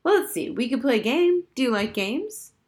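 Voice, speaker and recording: A woman's voice: sits high, big pitch swings, moderate pace, a little mellow, voice pushed up. A woman reading aloud and voicing a cheerful, patient male doctor in a storybook. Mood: pleasant. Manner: pleasant, patient, teasing. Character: tall cheerful male child psychiatrist, patient.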